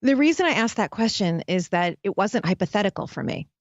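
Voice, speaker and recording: A woman's voice: mid-range voice, expressive, a little fast, dry recording, dull audio. A woman guest telling a dramatic personal story in an interview, speaking intensely and straight to the listeners. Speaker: guest, happiness expert. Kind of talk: candid storytelling interview talk.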